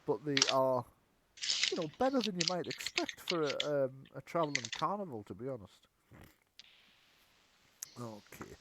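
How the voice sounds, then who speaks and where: Rambling game master. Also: male voice, on the high side. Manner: chatty, rambling, lots of fillers and self-corrections. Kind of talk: narrating a tabletop game. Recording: background hiss.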